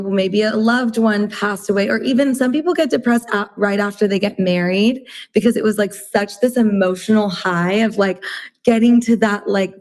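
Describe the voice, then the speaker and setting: A woman's voice: mid-range voice, a little mellow. A woman guest on a casual podcast, explaining earnestly and peppering her talk with "like" and "you know".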